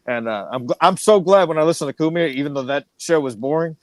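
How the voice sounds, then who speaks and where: A man co-hosting a podcast, ranting fast and swearing in casual banter. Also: a little high, lively intonation, a little mellow, no echo. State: angry. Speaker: podcast co-host.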